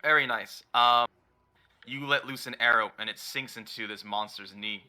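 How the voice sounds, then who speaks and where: A man's voice: medium pitch, normal speed, bright, forceful tone. A man running a tabletop game as dungeon master, narrating with many fillers and easy laughs.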